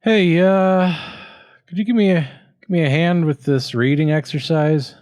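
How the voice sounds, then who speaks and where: A man's voice: fairly high pitch, fairly even intonation, unhurried, a little mellow, dry recording, studio quality, voice pushed up, close to an everyday voice. A man playing a fretful, confused young student. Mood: earnest confused. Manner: fretting over which word to stress. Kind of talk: improvised comedy scene.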